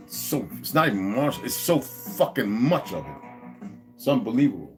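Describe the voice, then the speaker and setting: A man delivering a profane, confrontational ranting monologue as an online commentator, swinging from loud outbursts to low mutters. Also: big pitch swings, moderate pace, music in the background.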